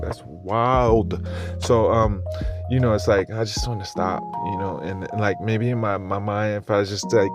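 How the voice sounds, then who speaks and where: A man with a lowish voice rambles through a crypto rant, swearing freely and restarting his thoughts often. He sounds worn out and foggy, and a music bed plays clearly under his voice. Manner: profane, slangy and meandering, with many restarts. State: tired, with brain fog. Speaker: crypto commentator. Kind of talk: rambling monologue.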